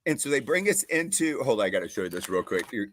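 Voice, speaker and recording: A man co-hosting a talk show, telling a story in a casual, animated way, laughing often and saying "like" a lot. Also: mid-range voice, quick pace, a little hiss or hum.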